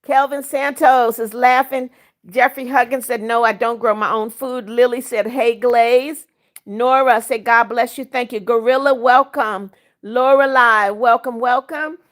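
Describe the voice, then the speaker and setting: A middle-aged woman runs her livestream, reading out viewer comments and welcoming people by name. Her voice sits a little on the high side. She moves between friendly greetings and firm warnings about the rules. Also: steady tone, a little slow. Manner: firm and scolding when enforcing rules; warm, religious greetings to viewers. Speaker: livestream host. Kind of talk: reading out live chat comments.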